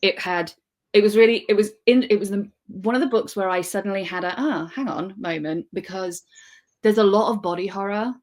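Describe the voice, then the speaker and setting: A woman's voice: medium pitch, steady tone, fairly quick, a little mellow. A woman in her thirties chatting casually and enthusiastically about books she has read, often correcting herself mid-sentence. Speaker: podcast co-host. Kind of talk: casual book chat.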